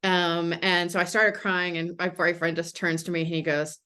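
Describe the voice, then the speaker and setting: A woman's voice: fairly low pitch, level tone, moderate pace, bright, forceful tone, clean tone. An American woman, a mystery author, talking casually in an interview with many "you know" fillers. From United States. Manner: chatty, frequent "you know" fillers, laughs easily.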